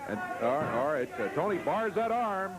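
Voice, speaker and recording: A man hosting and calling a televised wrestling segment, excitable and full of fillers. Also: fairly high pitch, normal speed, a crowd in the background, rough recording. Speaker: wrestling announcer and interviewer.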